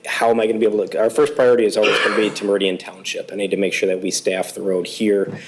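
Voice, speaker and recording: A man serving as police chief, his voice going hoarse, speaks low and haltingly, filling pauses as he reports to a township board. He sounds like he is talking at a meeting-room microphone. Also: little pitch movement, noisy background. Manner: halting, many fillers. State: losing his voice.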